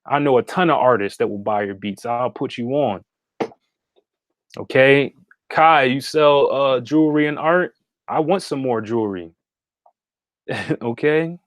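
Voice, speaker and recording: A man streams casually from the meditation room of his house, working as a spiritual consultant and speaking directly to viewers. His medium-pitched voice is unhurried with long pauses, he repeats points and keeps asking "okay?", and the sound is dry and clean, like a studio.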